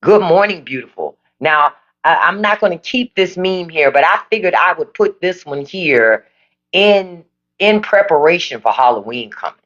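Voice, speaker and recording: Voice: mid-range voice, normal speed, lo-fi sound. A livestream host in casual chat with viewers, reading comments and giving blunt, profane political opinions. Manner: animated, emphatic. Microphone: phone livestream.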